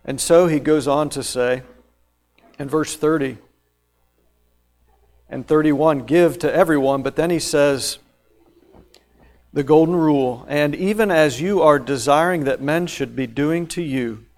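Man, preacher, sermon, slightly high voice, emphatic, scripture explanation. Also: unhurried, long pauses. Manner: emphatic, rising to loud stressed phrases then dropping low; reads and explains scripture verse by verse.

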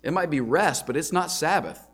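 A man's voice: on the high side, lively intonation, moderate pace, breathy edge. A man preaching a sermon as a pastor, earnest and conversational, asking rhetorical questions and often restarting words. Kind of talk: sermon teaching.

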